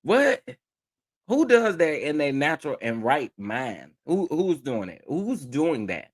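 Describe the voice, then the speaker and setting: A man's voice: a little high, big pitch swings, slow pace. A man hosting a reaction commentary, talking back at a played call, incredulous and exclaiming, repeating lines for emphasis. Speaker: commentary vlogger.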